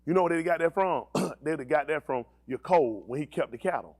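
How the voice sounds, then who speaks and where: Animated preaching man, lively pitch. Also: a little fast. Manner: animated preaching with call-and-response questions and slang. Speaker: pastor. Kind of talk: sermon.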